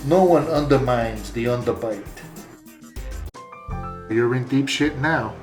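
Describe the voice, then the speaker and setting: A man's voice: mid-range voice, slow pace, lightly acted. A man voicing a wisecracking mob-dog narrator. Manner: deadpan wisecracking. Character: gruff male German Shepherd mob father, wisecracking noir narrator. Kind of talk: hard-boiled comedic narration. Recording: roomy echo, faint music.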